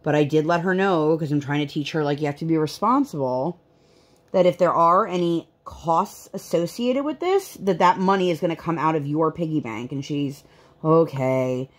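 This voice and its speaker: A woman's voice: low voice, moderate pace. A woman in her thirties chatting casually while she works on a craft, rambling with lots of fillers. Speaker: vlogger.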